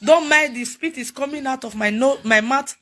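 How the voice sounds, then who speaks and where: A woman's voice: high voice, normal speed, heavy background noise. A young Nigerian woman with a Nigerian accent, crying as she makes a repetitive, pleading appeal for help. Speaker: vlogger. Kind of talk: emotional plea to camera. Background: music.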